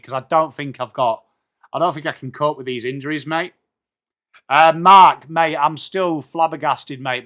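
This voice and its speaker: A man's voice: medium pitch, fairly bright tone. An English man hosting a live football watchalong stream, chatting casually and greeting viewers by name with jokey asides. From England.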